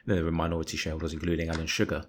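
A man's voice: a bass voice, racing. A man, co-hosting a casual football podcast, arguing his point in long rambling runs and acting out imagined conversations. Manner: animated, rambling, acts out imagined dialogue. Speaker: podcast co-host.

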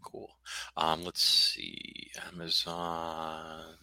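A man's voice: rumbling low, lively intonation, very slow, gravelly, sharp tone, dry recording. A middle-aged man with a faint Brooklyn accent, a guest author rambling on a video call and stopping himself mid-sentence. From United States. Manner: rambling, self-interrupting, reads a synopsis aloud. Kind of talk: casual interview chat.

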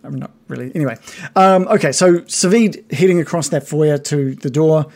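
A game master runs a tabletop game at a middle pitch. The narration is hesitant and filled with ums and restarts, relaxed and unpolished. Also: moderate pace.

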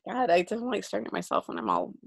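A woman co-hosting a podcast in casual chat, warm and gushing, quick to agree. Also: on the low side, wildly swooping pitch, gravelly. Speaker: podcast co-host.

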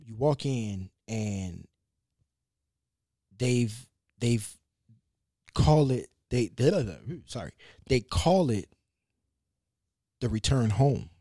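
A man's voice: mid-range voice, no echo. Loose, swearing storyteller man in a dry room. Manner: loose and animated, with slang and cursing; halting, with frequent restarts. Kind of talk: casual conversational storytelling.

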